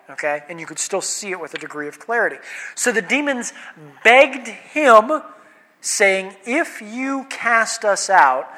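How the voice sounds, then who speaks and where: A man's voice: high-pitched, sharp tone. A man preaching a sermon in a conversational way, asking rhetorical questions and voicing quoted speech. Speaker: pastor. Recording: long hall reverb.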